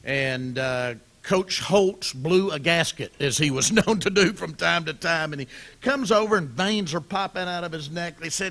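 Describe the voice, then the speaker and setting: Bright-voiced jovial male emcee. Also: fairly high pitch. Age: middle-aged. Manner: jovial storytelling, quick asides. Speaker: event host. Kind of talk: luncheon emcee remarks.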